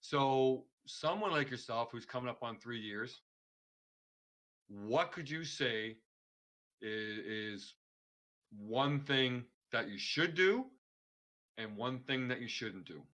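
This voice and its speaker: A man hosts a relaxed podcast interview. He reacts to his guest with short, eager remarks and asks his questions in a halting, roundabout way. His voice is bright and sharp at a middle pitch. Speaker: podcast host. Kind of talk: casual interview chat.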